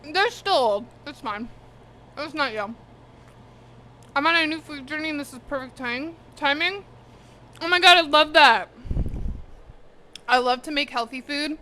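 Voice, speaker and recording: Pitched high and sharp-toned, her voice moves at a normal speed over slight background noise. She's a woman hosting a cooking stream at home in her kitchen, eating while bantering bluntly with viewers, cursing freely, and sometimes speaking with a full mouth.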